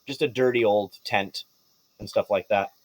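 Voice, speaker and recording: A man's voice: on the low side, fairly even intonation, moderate pace, a little hiss or hum. A man running a tabletop game as game master, rambling with many restarts and frequent laughs.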